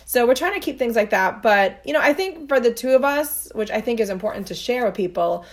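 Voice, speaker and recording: A woman's voice: fairly high pitch, animated, brisk. Rambling storytelling woman podcaster. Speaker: podcast co-host. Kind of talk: casual chat.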